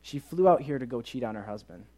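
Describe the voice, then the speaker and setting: An animated young man tells a story from the pulpit, his voice at a middle pitch that is neither deep nor high. He slips in and out of the people in his story, acting out their lines as he goes, in the manner of a youth ministry preacher. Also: fast. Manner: animated, acts out quoted dialogue in the story. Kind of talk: sermon storytelling.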